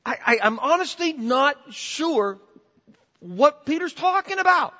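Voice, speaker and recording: A man's voice: extremely high pitch, a little slow. Man preaching in a reverberant church. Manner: animated, repeats words, rises to emphatic peaks. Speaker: pastor. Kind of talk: sermon. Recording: dull sound with long church reverb.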